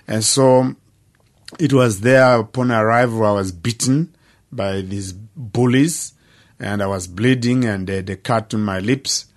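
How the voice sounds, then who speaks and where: An older man, giving an earnest personal testimony in plain, measured storytelling. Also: on the low side. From Zimbabwe. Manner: earnest, plain-spoken storytelling with dramatic pauses. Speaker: speaker sharing his life story.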